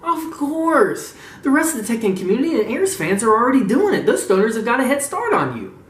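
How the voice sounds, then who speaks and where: A man's voice: very high-pitched, very animated, brisk, reverberant, voice pushed up. A man voicing a whiny, butthurt young male gaming fan who stammers through his complaints. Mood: eager.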